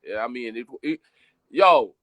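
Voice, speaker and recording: A man from Jamaica with a Jamaican accent, telling a story in an animated, emphatic patois style during a casual chat. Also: mid-range voice, brisk, no echo, muffled recording.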